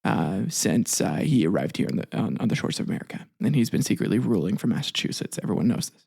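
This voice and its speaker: A man's voice: on the low side, big pitch swings, fast talker, creaky, warm tone, slightly rough. A man narrating history in a casual, offhand way, with jokes, asides and some swearing. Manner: offhand, joking, swears, restarts words. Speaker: history video host.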